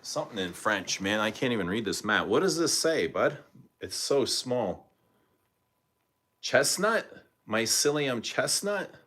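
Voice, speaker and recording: A man with a mid-range, slightly bright voice talks at a measured pace with big swings in pitch. He's hosting a casual fragrance-review livestream, unboxing and trying scents while chatting, thinking aloud, and addressing viewers by name.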